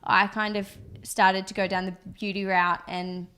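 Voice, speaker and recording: A woman's voice: medium pitch, little pitch movement, unhurried, pushed and bright, smooth. A young adult woman co-hosting a podcast, chatting casually and rambling with lots of fillers. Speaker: podcast co-host, business co-founder. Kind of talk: casual chat.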